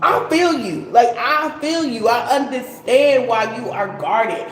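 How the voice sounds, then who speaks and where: A woman's voice: fairly high pitch, expressive, takes it slowly, roomy sound, slight background noise, low-quality recording. A woman giving a casual live tarot reading, chatty and slangy, laughing and swearing as she talks. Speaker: tarot reader.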